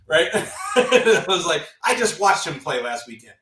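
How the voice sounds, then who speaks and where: A man's voice: on the high side, moderate pace, roomy sound, recorded from a distance, a little hiss or hum, poor audio. A man hosting a casual golf talk stream, telling stories with lots of swearing and acted-out quotes. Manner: animated storyteller, swears freely, acts out quotes. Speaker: podcast host. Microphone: remote stream mic.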